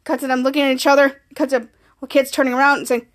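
A woman with a high voice recaps a TV episode for her podcast in a casual way. She walks through each scene in turn, stringing it together with repeated "cut to" transitions. She also reads the characters' lines out as she goes. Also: flat delivery, fast. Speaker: podcast host.

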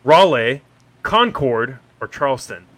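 Bright-voiced playful quiz host man. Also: medium pitch, sing-song, slow pace. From Kentucky. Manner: playful, teasing, laughs often. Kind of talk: casual podcast quiz.

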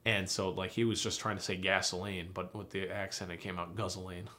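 Young male co-host, slightly low voice, eager rambling talk, casual swearing. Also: level tone, a little fast, pushed and bright. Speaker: podcast co-host. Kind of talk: casual chat.

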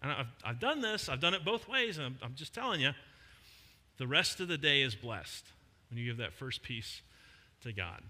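A middle-aged male pastor preaching a sermon in a conversational way, with emphatic pauses on key words. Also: medium pitch, sing-song, bright, forceful tone. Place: church hall. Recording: long hall reverb.

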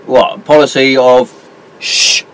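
A man trades jokey, sweary wisecracks with his co-host in casual banter. He talks in a middle pitch, with faint background noise behind him. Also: lively intonation, brisk, poor audio.

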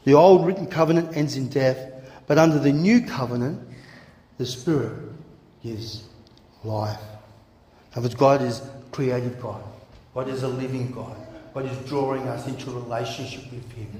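A man's voice: mid-range voice, normal speed. Man preaching in an echoey hall. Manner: animated, conversational, repeats words and acts out quotes. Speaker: pastor. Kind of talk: sermon. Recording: echoey hall with long reverb.

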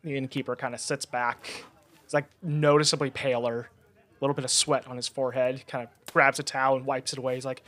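A man acting as game master who narrates an innkeeper's reactions in a casual, halting way in an improvised tabletop game. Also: medium pitch, flat delivery, a bit bright.

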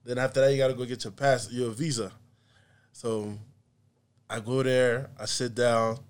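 A man's voice: medium pitch, normal speed, clear, resonant tone. A man who grew up in the United States, a podcast guest telling a story in casual conversation and acting out what other people said. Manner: animated, acts out other people's lines. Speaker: podcast guest, comedian and musician.

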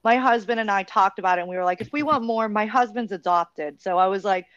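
Animated woman in her thirties, dull dry sound. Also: medium pitch, fast, clear, resonant tone, no echo. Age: 30s. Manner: animated, swears for emphasis. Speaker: podcast host. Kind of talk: casual podcast chat.

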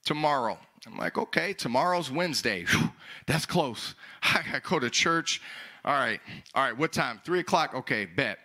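A young male pastor telling a story in a sermon, acting out dialogue with loud, animated outbursts. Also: mid-range voice, normal speed.

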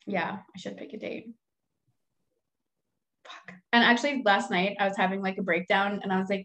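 A woman's voice: mid-range voice, fairly even intonation, normal speed, long pauses, a bit bright. A young woman speaks in a loose, conversational way. She is frank and self-deprecating and swears freely. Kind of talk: casual chat.

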